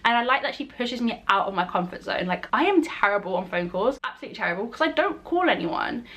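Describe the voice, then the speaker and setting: A woman's voice: on the high side, animated, fast, a bit bright. Give me a gushing young woman vlogging to camera. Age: young adult. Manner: gushing, enthusiastic, chatty with many likes and oh my gosh. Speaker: student midwife vlogger. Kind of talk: casual chat to camera.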